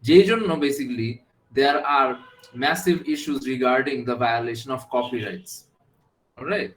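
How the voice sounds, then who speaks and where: A man's voice: mid-range voice, fast talker, fairly bright tone, echoey room, low-quality recording. A man with a Bangladeshi accent teaching a class, switching between English and Bengali and often checking that his students follow. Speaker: university lecturer. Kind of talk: classroom lecture.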